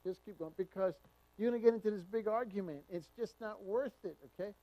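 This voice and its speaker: A man's voice: high-pitched, brisk, highs cut off. A man pastor teaching the Bible verse by verse in a conversational, emphatic way, telling personal stories.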